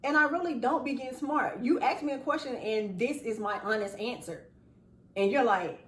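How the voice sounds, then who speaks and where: Animated woman host, echoey room. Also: a little high, moderate pace, a little hiss or hum. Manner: animated, laughing, acts out quotes. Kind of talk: casual chat. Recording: echoey room, far from mic.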